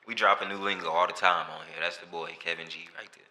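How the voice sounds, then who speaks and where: Very deep-voiced Southern man, bright tone. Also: steady tone, fast. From North Carolina. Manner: laid-back joking banter, slangy. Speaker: podcast co-host. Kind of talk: casual chat.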